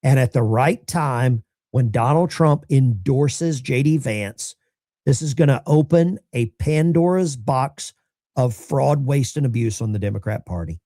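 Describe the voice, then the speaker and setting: A middle-aged man hosting a call-in show, chatting in an animated, rambling way. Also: mid-range voice, a little slow, no room sound, clean studio sound. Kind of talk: casual livestream talk.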